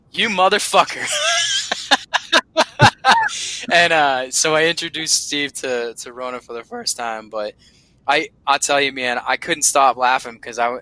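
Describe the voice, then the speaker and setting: A man hosting a podcast, telling a story in a casual, animated way, swearing freely and laughing often. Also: medium pitch, no room sound, low-quality recording. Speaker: podcast host.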